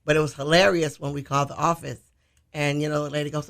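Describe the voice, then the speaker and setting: A man's voice: on the high side, little pitch movement, fast, creaky, a bit bright. A man from Detroit, co-hosting a radio talk show, telling a story in casual chat and laughing often.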